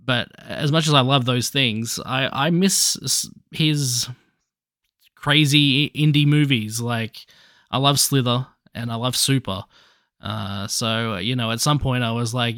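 A man's voice: medium pitch, steady tone, a little slow, fairly bright tone, no room sound, studio quality. A man hosting a podcast alone, chatting casually about movies in a rambling, jokey way with restarts and swearing. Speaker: podcast host.

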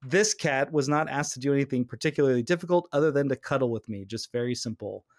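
A man hosting a podcast, chatting casually and lively, often slipping into quoted lines of dialogue. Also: medium pitch, fast, dry recording, clean studio sound. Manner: animated, acts out quoted lines in character. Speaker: podcast host.

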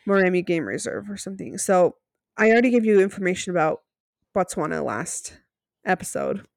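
A woman's voice: on the low side, lively intonation, a little fast, creaky, no room sound, studio quality. A woman co-hosting a podcast, chatting casually and laughing often as she retells events. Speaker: podcast co-host. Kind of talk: casual recap chat.

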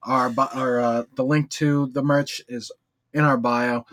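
Young dude hosting a laid-back podcast, average voice, lots of ums. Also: male voice, mid-range voice, a little slow. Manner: relaxed, hesitant with ums and uhs. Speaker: podcast host. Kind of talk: casual podcast chat.

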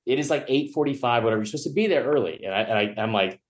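A man spinning a story on a podcast in a mid-pitched everyday voice. He jumps up into other people's voices as he quotes them, swinging his pitch all over. He keeps it casual and profane, playing the whole thing for laughs. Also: expressive, racing. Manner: profane, joking. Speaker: podcast guest, sports media personality.

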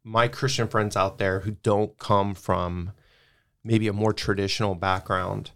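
Thoughtful male guest, clear resonant voice on the lower side. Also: steady tone, a bit bright. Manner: thoughtful, measured explanations. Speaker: podcast guest. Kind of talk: casual conversation.

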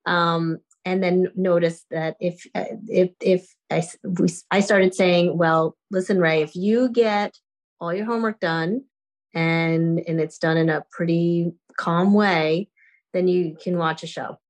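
A mother asking for parenting advice, speaking hesitantly with frequent restarts and soft laughs. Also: on the low side, fairly even intonation, unhurried. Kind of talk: conversation.

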